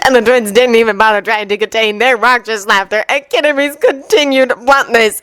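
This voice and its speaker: A woman narrating a fanfiction story in an expressive, lively reading. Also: on the high side, no echo. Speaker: fanfiction reader. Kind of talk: audiobook narration.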